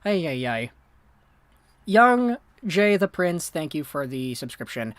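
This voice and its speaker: A woman hosting a livestream, giving excitable live reaction commentary and talking to viewers in the chat, swinging from low muttering to shouted disbelief. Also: takes it slowly, no echo. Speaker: livestream host.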